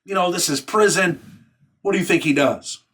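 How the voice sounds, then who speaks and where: Brief: New man, blunt and streetwise, slightly high-pitched storyteller. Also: moderate pace, fairly bright tone, husky. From New York. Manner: blunt, profane, street talk. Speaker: YouTuber recounting prison life. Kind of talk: casual storytelling monologue.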